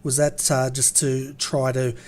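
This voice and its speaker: A man co-hosting a sim racing broadcast, relaxed and friendly. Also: medium pitch, unhurried. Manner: relaxed, friendly, says fantastic and mate. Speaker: broadcast co-host.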